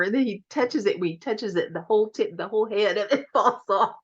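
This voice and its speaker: A woman's voice: medium pitch, a little fast, slightly rough, muffled recording. A woman reviewing a horror movie in a chatty, giggly way, often repeating her words. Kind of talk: casual video review.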